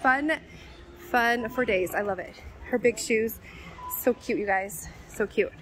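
A woman's voice: fairly high pitch, slow, a bit bright, poor audio. A woman chatting eagerly to viewers as she walks through a large warehouse store, filming on a handheld phone. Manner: gushing, chatty, addresses viewers as "you guys". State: out of breath. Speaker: vlogger. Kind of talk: store walk-through vlog.

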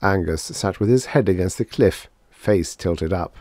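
A man reading a vintage science fiction story aloud in an expressive storytelling manner. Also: sits low, unhurried, no room sound, studio quality. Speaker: audiobook narrator. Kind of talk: scripted narration.

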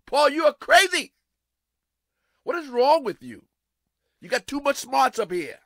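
A man preacher voicing a mocking, incredulous official who exclaims loudly in disbelief. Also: very high-pitched, very animated, slow pace, creaky, no room sound, studio quality, pitched above the performer's own voice, heavily acted. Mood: scoffing. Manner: loud, scoffing, exclaiming. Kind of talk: preacher acting out a scripture scene.

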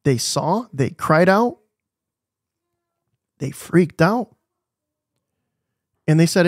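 A man's voice: fairly high pitch, lively intonation, drawn-out words, long pauses, dry recording, studio quality. A man preaching a devotional sermon, asking the listeners questions and repeating his key phrases with emphasis.

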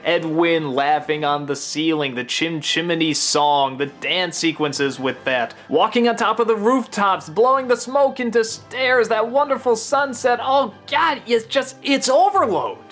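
A man giving an enthusiastic film review, gushing and rambling with animated asides. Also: fairly high pitch, normal speed, few pauses, soft background music.

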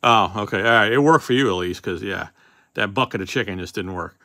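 A man's voice: lowish voice, fairly quick, pushed and bright, no room sound. A man hosting a casual card-opening session, reading off names as he goes and joking offhand with a few swear words. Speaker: card box breaker host.

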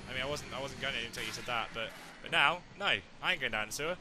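A young man chatting through a video game playthrough in a jokey, excitable way. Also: medium pitch, racing, background noise. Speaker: let's play gamer. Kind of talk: casual game commentary.

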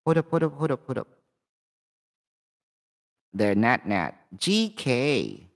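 A man with a Filipino accent reads tarot cards live and talks straight to his viewers in a chatty, direct way. His pitch swings widely, and he takes his time between phrases. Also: very animated, takes it slowly, creaky. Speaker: tarot reader and channel host. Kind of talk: live-streamed tarot reading, casual talk to viewers.

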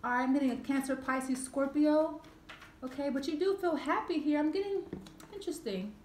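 High-voiced chatty woman reading tarot. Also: moderate pace, a little mellow, reverberant, slight background noise. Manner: chatty, repetitive, drawing cards aloud. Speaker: tarot reader.

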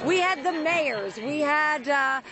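A hoarse woman hosting a bubbly, enthusiastic live morning TV segment at an outdoor event. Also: high voice, animated, slow. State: losing voice, hoarse. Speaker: morning TV host. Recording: crowd noise outdoors.

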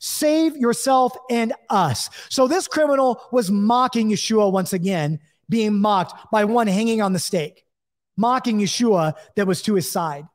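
A man's voice: high-pitched, normal speed, big-room sound. A man teaching a Bible lesson, reading scripture and explaining it in a conversational way, checking in with his listeners and acting out the voices he quotes.

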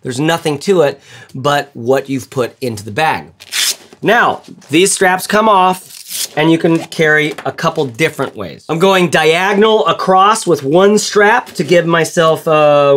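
A man's voice: on the high side, unhurried, a bit bright, slight background noise. A man hosting a casual gear review vlog, rambling and joking with lots of filler words and the odd profanity. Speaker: gear reviewer and channel host.

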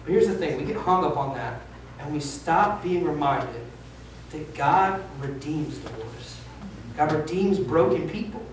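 A man's voice: on the high side, animated, measured pace, slight background noise. A man in his thirties preaching a sermon as pastor, candid and self-deprecating, with emphatic stretches. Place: church sanctuary. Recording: echoey church hall from a distance.

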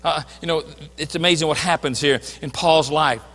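A man preaching a sermon as pastor, emphatic, swinging between loud declarations and hushed asides. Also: a little high, fairly even intonation, moderate pace, long reverb tail. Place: church sanctuary.

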